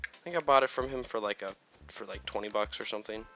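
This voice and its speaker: A man's voice: on the low side, fast talker, bright, forceful tone, faint music behind. A young man giving casual, rambling commentary while playing a video game, with lots of fillers. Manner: chatty, rambling, with many fillers. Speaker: gaming YouTuber.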